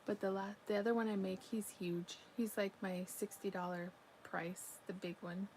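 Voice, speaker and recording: A woman's voice: mid-range voice, little pitch movement, normal speed, a little mellow, slight background noise, poor audio. A woman chatting casually on a crafting live stream, reading out viewer comments and yawning now and then. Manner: chatty, yawning, talks to her pet between comments. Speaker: livestream crochet crafter. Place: home.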